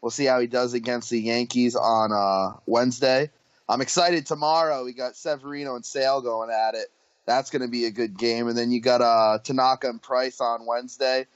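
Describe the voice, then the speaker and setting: A man's voice: mid-range voice, steady tone, normal speed, dry recording, highs cut off. A man in a casual sports chat, rattling off numbers with frequent fillers and restarts.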